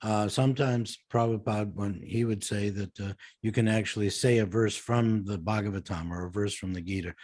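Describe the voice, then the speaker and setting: A man with a fairly low voice interviews his guest. His questions come calmly and in halting pieces.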